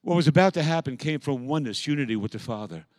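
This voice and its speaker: A man preaching a sermon as pastor, moving from quiet, reflective passages to loud, impassioned calls. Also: mid-range voice, lively intonation, fast talker, dry recording.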